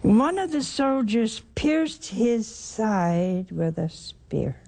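A woman's voice: a little high, very animated, very slow, creaky, warm tone. An older woman preaching a sermon, emphatic, asking rhetorical questions and repeating her phrases.

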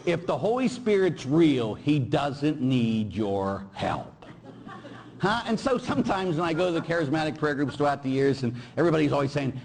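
Middle-aged male priest, animated homily storyteller, fairly high voice, big swings in pitch. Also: fairly quick, vocal fry, a little hiss or hum. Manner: animated storyteller, acts out quoted people and sound effects, keeps tagging "huh?". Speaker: Catholic priest.

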